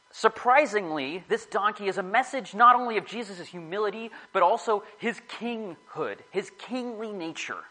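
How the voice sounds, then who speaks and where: Chatty high-voiced man preaching. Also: a bit bright, low-quality recording. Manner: rambling, self-correcting, chatty. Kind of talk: casual sermon to a small group.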